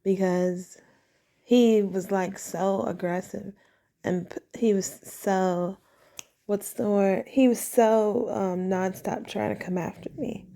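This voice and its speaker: A woman's voice: medium pitch, steady tone, slow, vocal fry, dark tone. A woman vlogger telling a personal story in a casual, rambling way, trailing off and restarting, recorded at home in her bedroom. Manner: rambling, meandering, with frequent restarts.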